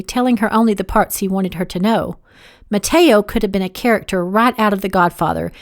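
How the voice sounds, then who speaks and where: A woman reading her own novel aloud as audiobook narration, steady, giving each character a voice. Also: mid-range voice.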